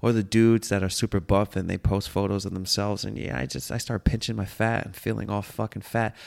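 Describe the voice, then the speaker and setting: A low-voiced man in his thirties talks through a casual comedic monologue. His voice has a gravelly, creaky edge. He rambles, swears freely and pokes fun at himself as host. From United States. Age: 30s. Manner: rambling, profane, self-mocking. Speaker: podcast host.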